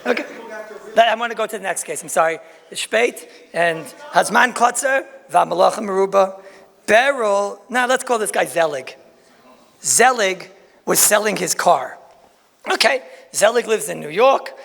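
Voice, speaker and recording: A man with gives a Talmud lecture in an echoing hall. His voice sits high and gravelly, and he talks in an animated, folksy way full of rhetorical questions and asides. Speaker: rabbi giving a Talmud lecture. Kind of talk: lecture to a crowd.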